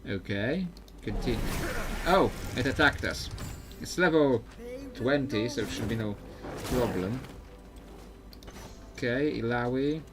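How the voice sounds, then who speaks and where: A man's voice: mid-range voice, animated, slow, pauses often, noisy background. Chatty man thinking aloud while gaming. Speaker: streamer playing a video game. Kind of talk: live gameplay commentary.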